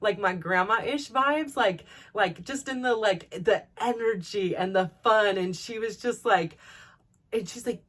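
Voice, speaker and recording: A woman hosting a personal vlog, telling stories in a chatty, animated way with lots of "like" and laughter. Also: mid-range voice, a little slow. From Russian heritage. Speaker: vlog host. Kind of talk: casual personal storytelling.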